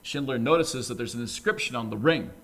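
A man's voice: medium pitch, a little fast, a bit bright. Earnest, emphatic male preacher. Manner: earnest, emphatic, rises to fervent exhortation. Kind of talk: sermon with storytelling.

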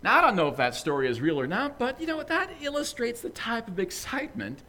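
Animated preacher with a lively voice. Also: male voice, very high voice, brisk. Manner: conversational, animated storytelling. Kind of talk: sermon.

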